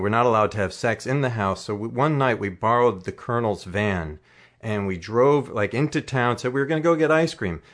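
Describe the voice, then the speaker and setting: A man's voice: medium pitch, fairly bright tone. Self-mocking man rambling through an anecdote. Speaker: storyteller. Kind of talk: comic personal anecdote.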